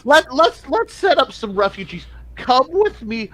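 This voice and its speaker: A game master voicing a smooth-talking male elf pimp with a coaxing, persuasive patter in a tabletop role-play. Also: high voice, very animated, unhurried, fairly bright tone, voice pushed up, heavily acted. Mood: wheedling.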